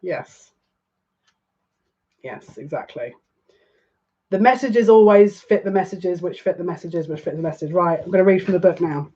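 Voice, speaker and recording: A woman's voice: on the low side, normal speed, long pauses, warm tone, breathy edge. Chatty woman reading tarot, lo-fi. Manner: chatty, with emotional asides, reads aloud from a card book. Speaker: psychic card reader. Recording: dull lo-fi recording.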